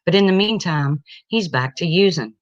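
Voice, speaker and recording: A woman's voice: fairly low pitch, lively intonation, moderate pace, dry recording. A middle-aged woman venting about her family in an emotional personal rant, blunt and heated, tearful at times. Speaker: parent venting online. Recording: dull lo-fi sound, dry.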